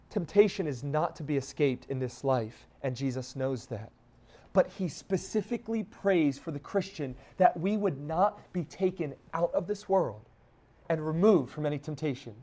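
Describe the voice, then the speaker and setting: Man preaching with loud and soft swings. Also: high voice. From Texas. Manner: preaching with wide swings between soft and loud, quoting scripture. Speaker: pastor. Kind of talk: sermon.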